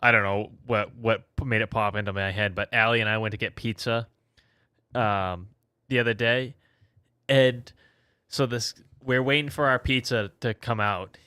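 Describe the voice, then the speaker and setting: A man on a podcast telling a quick anecdote in casual chat, animated and restarting his sentences. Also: fairly low pitch, clear, resonant tone, dry recording, studio quality. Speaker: podcast co-host. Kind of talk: casual storytelling.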